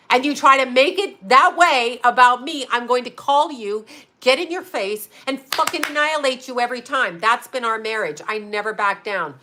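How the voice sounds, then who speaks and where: Bright, forceful woman telling stories. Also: a little high. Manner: animated, profane, laughs often. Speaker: vlogger. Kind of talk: casual storytelling to viewers.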